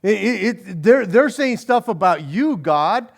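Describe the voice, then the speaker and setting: At an evening Bible study in a church, a male pastor talks animatedly, often stumbling over and repeating words and breaking into laughter. His voice is high-pitched and unhurried, with vocal fry.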